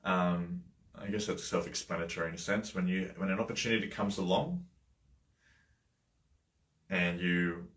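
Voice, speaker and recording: A man with a deep, low voice talks through a Bible chapter on a livestream, drifting into coaching asides. He speaks casually, full of fillers and small self-corrections. The sound is roomy, with a noticeable echo. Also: steady tone, normal speed, long pauses, a bit bright. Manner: loose and conversational, with many fillers, asides and small laughs. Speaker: life coach hosting a Bible study livestream.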